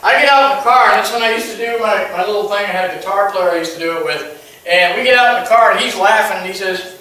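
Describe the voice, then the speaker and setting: Older guy telling a rambly funny story, kinda high voice, echoey hall, mic far off. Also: quick pace, sharp tone. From Boston, USA. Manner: rambling, joking, chuckling storyteller. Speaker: musician and recovery lecturer. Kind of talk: live storytelling to an audience. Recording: echoey hall, distant mic, music behind.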